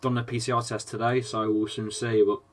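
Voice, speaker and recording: A man's voice: medium pitch, level tone, fairly quick. An English man in his thirties, sick and chesty, casually commentating a football match live and reading out viewer chat, swearing now and then. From England. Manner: chatty, swears, reads chat aloud between play calls. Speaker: football fan streamer.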